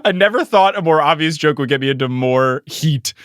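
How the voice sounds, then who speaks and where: A man hosting a podcast, chatting casually with lively swings in pitch and frequent laughter. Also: a little hiss or hum. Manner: animated, laughing, does quick mock voices for quotes. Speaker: podcast host. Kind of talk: casual chat.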